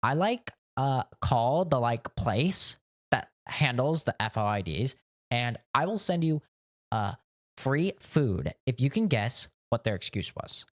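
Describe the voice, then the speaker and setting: A man's voice: medium pitch, sing-song, slow. A man live streaming video games, chatting casually in a rambling, profane way. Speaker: game streamer.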